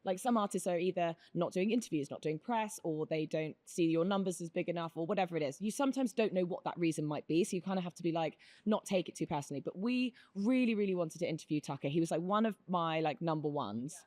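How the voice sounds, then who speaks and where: A woman's voice: on the low side, quick pace, few pauses, a little mellow, no echo. A woman co-hosting a podcast, telling a story in casual chat and acting out the quotes. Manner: chatty storyteller, acts out quotes. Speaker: podcast co-host.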